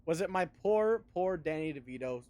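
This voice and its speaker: A man's voice: on the high side, lively intonation, moderate pace, darkish tone. A man streaming a video game, chatting in a rambling, sarcastic way and swearing often. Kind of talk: casual game commentary.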